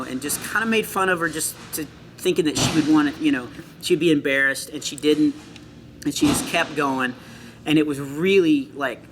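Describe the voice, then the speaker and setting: A middle-aged male comedian chatting in an interview, telling earnest stories with quick asides. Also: a little high, pushed and bright. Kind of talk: casual interview chat. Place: comedy club after a show.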